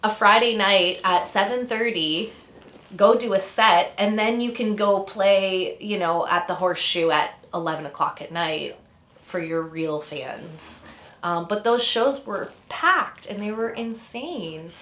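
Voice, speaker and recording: A woman's voice: mid-range voice, a little slow, a bit bright, echoey room. A woman in her thirties from Canada, chatting as an interview guest, rambling through stories with many fillers and tangents. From Ontario, Canada. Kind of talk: casual interview storytelling.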